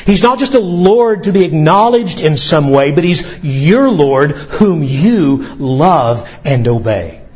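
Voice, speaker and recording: Male pastor, sermon, lively swooping delivery with dramatic pauses, slightly raised voice, muffled recording. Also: a little high. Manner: animated preaching, dramatic pauses, emphatic scripture reading.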